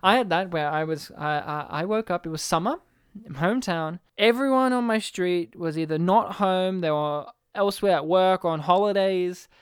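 Man, smooth clear voice, dry close sound, animated storyteller, huffing and sighing as he acts out his past self. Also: high voice, normal speed, no echo. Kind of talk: casual chat, animated storytelling.

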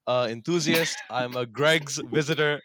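A man's voice: mid-range voice, measured pace, sharp tone. A man in his twenties, born in Sri Lanka, a podcast guest who jokes about himself and laughs often, speaking into a headset mic. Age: 20s. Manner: joking, laughs often, self-mocking. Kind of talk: casual chat.

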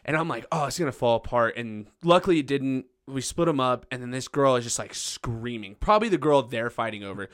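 A man in his twenties, a podcast host, telling a story casually, laughing and loudly acting out what people said. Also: mid-range voice, fairly quick, hardly any pauses, dry recording, studio quality. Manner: animated, laughing, acts out quotes loudly.

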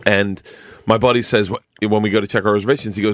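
A middle-aged comedian hosting a podcast, telling a long anecdote in an animated, rambling way and acting out both sides of the dialogue. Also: male voice, lowish voice, fast, no echo, studio quality. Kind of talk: storytelling anecdote.

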